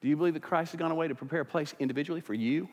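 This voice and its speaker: A man preaching a sermon as pastor, swinging from quiet, intimate stretches to loud, fired-up passages. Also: fairly high pitch, rapid-fire, big-room sound, muffled recording.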